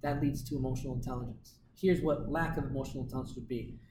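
A man's voice: mid-range voice, fairly even intonation, fast. A man presenting to his team, explaining ideas in a casual, assertive way through worked examples. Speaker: presenter teaching a team meeting. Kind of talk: casual instructive talk. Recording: echoey room with loud background noise.

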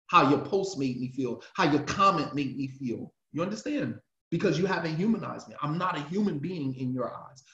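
A man, an imam, giving an emphatic, impassioned religious class lecture and driving his points home with repetition. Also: fairly high pitch. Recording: roomy, dull lo-fi sound.

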